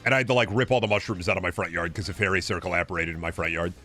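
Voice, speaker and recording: A man's voice: sits low, fairly even intonation, very fast, pushed and bright, faint music behind. A young man streaming a game and chatting casually, rambling and profane, often stammering and restarting his sentences.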